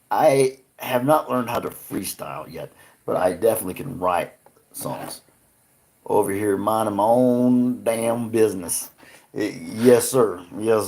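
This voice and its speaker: Slightly mellow and on the low side, a man's voice carries a casual livestream where he loosely talks with viewers. He laughs frequently and swears freely throughout.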